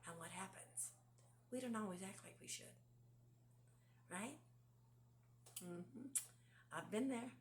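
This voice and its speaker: Woman devotional speaker, mid-pitched, conversational, with rhetorical questions and hushed asides. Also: slow, pauses often, a little hiss or hum. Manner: asks the listener rhetorical questions; drops to a hushed, near-whispered delivery at times.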